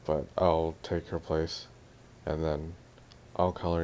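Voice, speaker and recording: A man's voice: very deep voice, flat delivery, takes it slowly, darkish tone, a little hiss or hum. A young man ranting in an audio vlog, annoyed and mimicking his family as he tells what happened. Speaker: vlogger.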